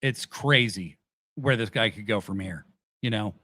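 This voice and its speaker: A man hosting a casual wrestling review chat, animated and swearing casually as he retells events. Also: lowish voice, a little slow. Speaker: podcast host.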